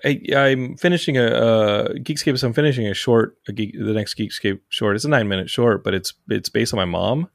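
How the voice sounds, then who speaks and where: Gravelly-voiced male podcast host, animated storyteller, dry recording. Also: mid-range voice, brisk, few pauses, no room sound. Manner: animated storyteller, acts out quotes. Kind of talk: casual chat.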